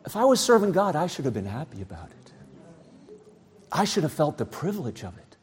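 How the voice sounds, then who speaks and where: A male pastor preaching a sermon, swinging from loud outbursts to quiet asides. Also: fairly high pitch, wildly swooping pitch, moderate pace, long pauses, breathy edge.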